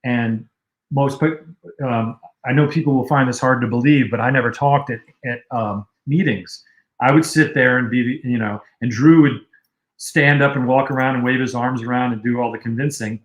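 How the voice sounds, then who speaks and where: A man at an average pitch tells old stories at an easy, rambling pace, full of fillers. His voice carries a roomy echo. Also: normal speed. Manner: relaxed, rambling anecdotes with fillers. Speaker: guest, music video director. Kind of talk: casual storytelling on a livestream.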